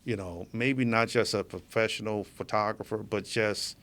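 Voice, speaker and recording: A man's voice: lowish voice, steady tone, normal speed, a bit bright. A man being interviewed as a guest in a studio, telling his story casually and with animation, often laughing as he talks. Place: media studio.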